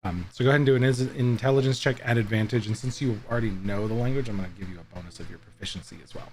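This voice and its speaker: A man running a tabletop game online as game master, explaining rules and narrating in a relaxed way with plenty of fillers. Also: on the low side, rapid-fire.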